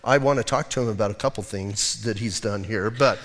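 A male pastor preaching a sermon in a church sanctuary, telling a Bible story in a casual, animated, conversational way. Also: lowish voice, fairly quick. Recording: long hall reverb.

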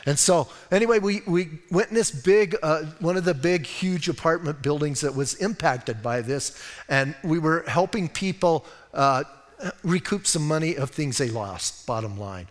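A man's voice: fairly high pitch, normal speed. A man preaching a sermon as pastor in an emphatic, conversational way, often urging the listeners to listen and acting out little scenes. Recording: long hall reverb.

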